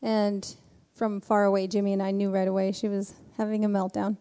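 A woman speaking in a church service, telling a personal story in an animated way and acting out the voices in it. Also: mid-range voice, a little fast, smooth. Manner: animated storytelling with acted quotes. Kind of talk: sermon testimony. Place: church sanctuary. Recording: reverberant church hall.

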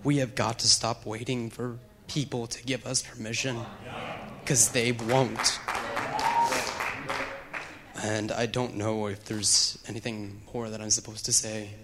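A man from the congregation sharing earnestly and haltingly in front of the church. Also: medium pitch, flat delivery, a bit bright, a faint crowd, a little hiss or hum. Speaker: congregation member. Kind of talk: hesitant personal sharing.

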